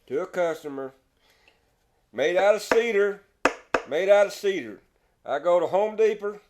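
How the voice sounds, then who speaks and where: A folksy man with a Texas drawl rambles through a joke from his woodworking shop. He chuckles at his own punchlines, and his voice sits a little higher than most men's. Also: animated, a little slow, background noise. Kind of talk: casual storytelling.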